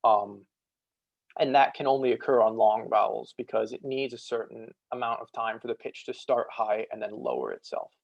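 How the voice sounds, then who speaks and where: A young man giving a casual student presentation over a video call, full of fillers, slowing to demonstrate sounds. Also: lowish voice, animated, creaky, dry recording, highs cut off. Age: young adult. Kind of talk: online lecture on ancient Greek pronunciation.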